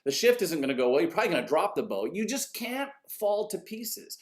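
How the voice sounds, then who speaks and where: A man, an orchestra conductor, telling a story in an animated, conversational way and swearing casually. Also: sits high, brisk.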